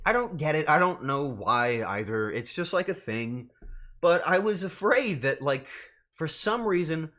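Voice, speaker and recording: A man's voice: fairly high pitch, fairly bright tone. A man streaming as a VTuber, telling a rambling story straight to his chat and swearing freely. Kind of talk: casual storytelling to live chat.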